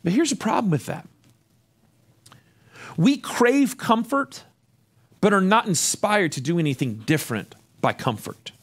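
A male pastor preaching a sermon, lively and animated, often repeating words as he restarts. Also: high-pitched, measured pace, long pauses.

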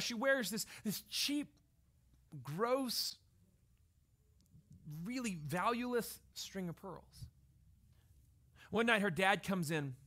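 Male pastor, 30s, sermon; quiet storytelling that swells into emphatic preaching, tenor register. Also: high-pitched.

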